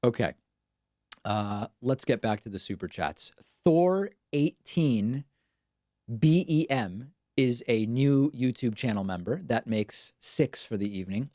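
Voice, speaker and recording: Guy hosting a live stream, chatty and wry, reading viewer chats off a close mic, dead dry sound, mid pitch. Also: expressive, warm tone, no echo. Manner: casual, quick and wry, self-deprecating asides. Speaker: show host.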